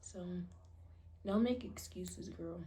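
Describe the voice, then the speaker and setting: A woman's voice: mid-range voice, slow pace, warm tone, a little hiss or hum. A woman in her twenties from the United States, casually chatting in a slangy way while she does her toenails, often dropping her voice to a whisper. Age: 20s. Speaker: beauty vlogger.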